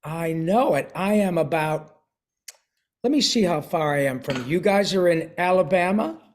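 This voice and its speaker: This older voice actor's voice is a little high and expressive, moving at a moderate pace. He chats with children over a video call while reading them a picture book, clearing his throat every so often.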